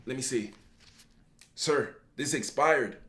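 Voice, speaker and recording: A man playing a joking fast-food coworker in a comedy skit, in a mocking, sing-song way. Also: medium pitch, fairly bright tone, distant mic.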